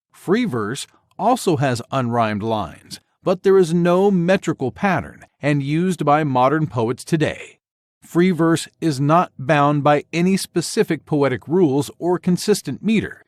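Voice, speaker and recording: Slow, measured male narrator. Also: fairly high pitch, no room sound, clean studio sound. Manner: slow, measured, evenly paced delivery. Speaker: narrator of an educational video. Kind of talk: scripted educational narration.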